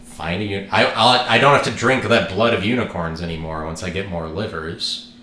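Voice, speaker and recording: A man's voice: low-pitched, brisk, pushed and bright, reverberant, slight background noise. A man hosting his own podcast, talking alone in a rambling, joking, irreverent way and swearing now and then. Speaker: podcast host. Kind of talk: rambling solo podcast monologue.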